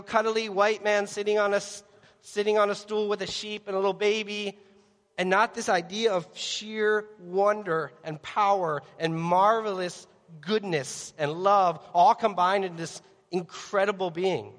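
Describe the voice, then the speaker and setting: Male preacher, high-pitched, animated delivery with acted-out voices, hall reverb. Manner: animated, acts out voices of worried people and Jesus; asks the audience direct questions. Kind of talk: sermon. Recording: long reverb of a large hall.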